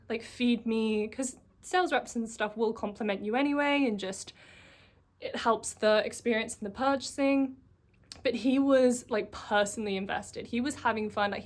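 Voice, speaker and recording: A woman vlogger telling a personal story in a chatty, casual way, full of fillers. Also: on the high side. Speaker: coaching vlogger.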